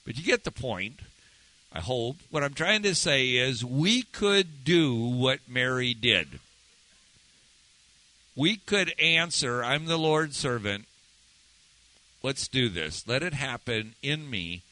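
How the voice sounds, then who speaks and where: Animated, bright-voiced male preacher. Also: slow pace, pauses often, dry recording, rough recording. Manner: conversational, asks listeners questions, swings pitch for emphasis. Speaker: pastor. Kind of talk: sermon.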